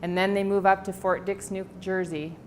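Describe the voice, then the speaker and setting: A woman's voice: medium pitch, little pitch movement, normal speed, slight background noise. A middle-aged woman giving a library talk as an author, telling family stories with quoted dialogue. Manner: warm anecdotal storytelling with quoted dialogue. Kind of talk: personal storytelling talk. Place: library presentation room.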